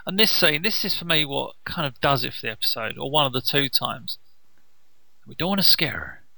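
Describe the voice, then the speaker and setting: A man co-hosting a casual cartoon commentary, animated and sarcastic, acting out quoted lines. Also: mid-range voice, fairly quick, creaky, poor audio. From United Kingdom. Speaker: podcast co-host.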